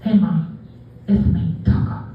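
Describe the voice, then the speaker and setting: A woman's voice: fairly low pitch, fairly even intonation, a little slow, narrow, tinny audio, slight background noise, voice pushed down, lightly acted. Woman doing Taco, a lisping needy dog. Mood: whiny. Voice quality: lisp. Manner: leaving phone messages, whiny. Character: male pet dog with a lisp, needy. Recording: echoey bar room from far.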